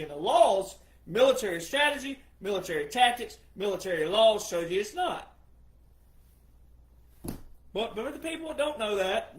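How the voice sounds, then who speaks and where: A political commentator hosts his own opinion show, delivering a casual, opinionated monologue in a scornful, mocking manner. His voice sits high for a man and swings between muttered asides and loud outbursts, in an echoey room.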